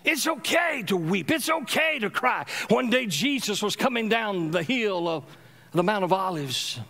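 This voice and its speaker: A middle-aged man preaching a sermon as a pastor in a church, calling on the congregation to respond and swinging between loud exhortation and soft, low murmurs. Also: animated, unhurried, vocal fry. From Louisiana, USA. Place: church sanctuary.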